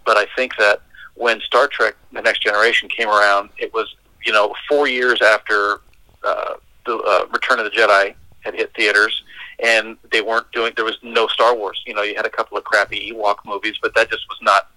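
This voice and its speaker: Bright-voiced middle-aged man, podcast guest. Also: fairly low pitch, level tone, normal speed, dry recording, low-quality recording. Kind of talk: casual chat.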